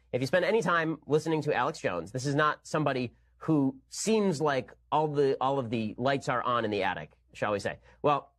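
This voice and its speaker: Rapid-fire sarcastic male commentator. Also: medium pitch, fairly bright tone. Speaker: political commentator. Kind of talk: commentary monologue.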